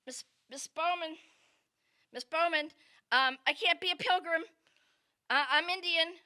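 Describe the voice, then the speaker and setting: Woman playing a little girl, stubborn, stammering, pleading, high bright voice. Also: measured pace, full character voice.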